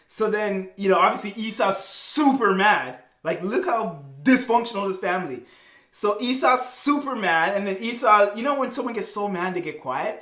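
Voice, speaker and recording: A man's voice: high-pitched, lively intonation, moderate pace, pushed and bright. Man, youth pastor type, casual slangy storyteller, echoey room. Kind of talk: casual Bible lesson.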